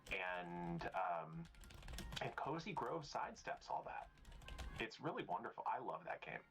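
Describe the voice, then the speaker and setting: A man chatting as a panel guest on a livestream, his voice animated and swinging widely in pitch. He restarts his sentences and laughs easily. Faint music hums underneath. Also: unhurried. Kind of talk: casual panel chat on a livestream.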